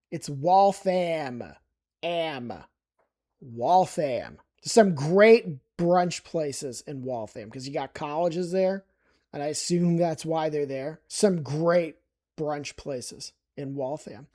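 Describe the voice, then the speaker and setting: A person from New York casually explaining place-name pronunciations, wry and emphatic, repeating words slowly for emphasis. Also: medium pitch, dark tone.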